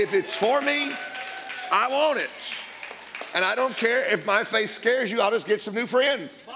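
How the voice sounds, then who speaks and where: A man preaching as a guest speaker, blunt and emphatic, swinging between quiet asides and loud declarations. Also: high voice, creaky. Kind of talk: sermon.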